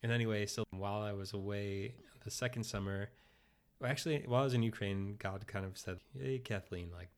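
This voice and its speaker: A man with a fairly low voice tells a long personal story in a loose, conversational way. He leans on fillers and slips into quoted dialogue as he talks. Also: fairly even intonation, brisk, smooth. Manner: chatty, many fillers like "like", acts out quoted dialogue. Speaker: interview guest.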